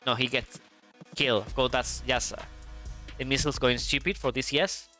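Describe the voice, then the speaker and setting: Bright-voiced Spanish man commentating. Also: medium pitch, fairly even intonation, fairly quick, faint music behind. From Spain. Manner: chatty, thinks aloud with restarts and asides to chat. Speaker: esports commentator. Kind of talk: casual flight-sim match commentary.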